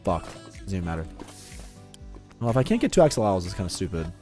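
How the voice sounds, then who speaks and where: A man's voice: low-pitched, sing-song, quick pace, warm tone, faint music behind. A young adult man streaming a game and telling a story in a casual, profane, rambling way. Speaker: gaming streamer. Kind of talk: casual storytelling while gaming.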